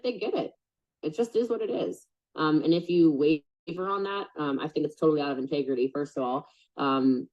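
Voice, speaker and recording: A woman's voice: a bass voice, darkish tone. A woman coaching a group on a call, chatty and blunt with lots of fillers. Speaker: business coach. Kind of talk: casual coaching call talk. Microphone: video call. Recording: dull lo-fi call audio.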